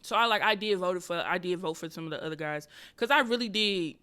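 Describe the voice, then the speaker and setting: A woman hosting a podcast, telling a story in a casual, profane way and swinging between loud outbursts and low muttered asides. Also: fast talker, clear, resonant tone. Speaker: podcast host and comedian.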